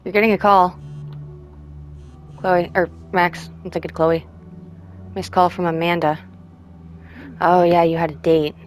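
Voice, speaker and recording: A woman streamer reading out in-game text messages in a soft, subdued way. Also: fairly low pitch, level tone, unhurried, long pauses. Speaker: gaming streamer. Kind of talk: reading game texts aloud.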